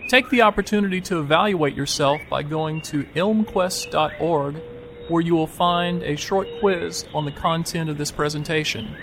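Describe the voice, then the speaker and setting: A man's voice: fairly high pitch, a bit bright. Male announcer with faint hiss. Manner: slow, spelled-out delivery. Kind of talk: read closing announcement.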